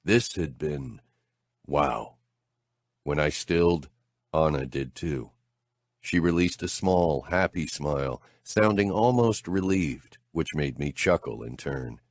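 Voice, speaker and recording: A man narrating a first-person audiobook in a slow, measured, intimate delivery. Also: a bass voice, expressive, dry recording.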